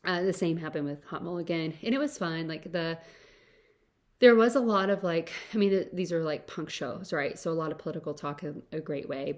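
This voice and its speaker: A young adult woman hosting a podcast, telling a casual story and filling nearly every phrase with "like.". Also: deep voice. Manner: chatty, fills every phrase with "like". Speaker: podcast host.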